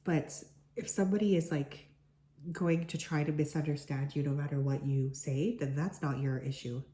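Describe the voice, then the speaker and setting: A woman with a sick, hoarse voice giving a chatty collective card reading as a tarot reader, full of "like" fillers. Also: sits low, steady tone, moderate pace, warm tone. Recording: echoey room.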